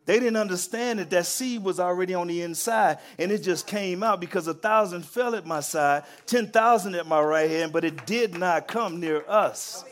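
A man preaching a sermon, telling stories with emphatic repetition and building to loud, excited peaks. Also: high-pitched, moderate pace, few pauses.

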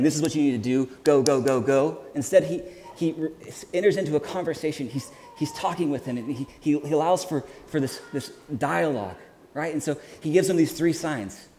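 A man preaching a sermon in an earnest, halting way, often restarting his sentences. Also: a little high, warm tone. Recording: hall reverb with faint ambience.

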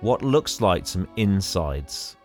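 A man's voice: sits low, sing-song, takes it slowly, darkish tone, faint music behind. A man hosting a podcast, recapping a film in casual chat and laughing often.

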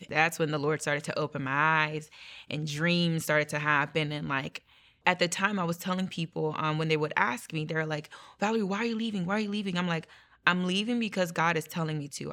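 A woman giving a personal faith testimony in an interview, telling her story earnestly and acting out what she said and thought. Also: lowish voice. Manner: earnest, animated storytelling with acted quotes. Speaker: guest sharing testimony.

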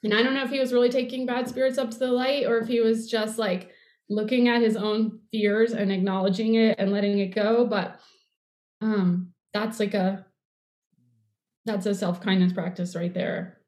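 A middle-aged woman in casual conversation, rambling and warm, with many fillers. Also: medium pitch, fairly even intonation, normal speed. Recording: echoey room.

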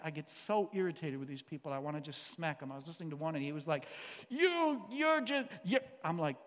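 A man with a high voice preaches a sermon in a hall. He speaks with passion, with sudden loud outbursts that give way to quiet, earnest passages. The hall's long reverb trails after his words. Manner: impassioned, shifts between loud outbursts and quiet earnest stretches. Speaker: teacher and pastor. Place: church or hall.

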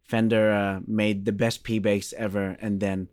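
A man in his thirties from Australia, a bass player guest in a casual interview, telling a story animatedly and acting out the dialogue. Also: flat delivery, unhurried, darkish tone, no echo, studio quality.

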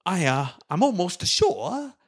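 A man's voice: high voice, sing-song, slow, gravelly, pitched above the performer's own voice, heavily acted. A man doing a hammy, thick-accented Frenchman. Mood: hammy, theatrical. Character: hammy Frenchman, middle-aged male bistro owner.

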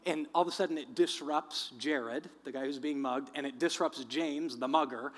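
A man's voice: on the high side, normal speed, slightly rough. Man preaching in a reverberant hall. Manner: acts out quoted voices, then drops to quiet earnest reflection. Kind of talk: sermon storytelling.

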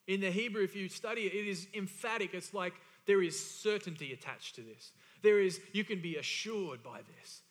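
High, bright-voiced emphatic male pastor. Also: moderate pace. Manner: emphatic, repeats key phrases for stress. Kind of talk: sermon. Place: church hall. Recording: church hall reverb.

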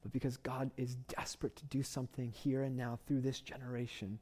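A man's voice: medium pitch, flat delivery, fairly quick, a little mellow, breathy edge. A man, a pastor preaching a sermon with impassioned storytelling and repeated phrases for emphasis.

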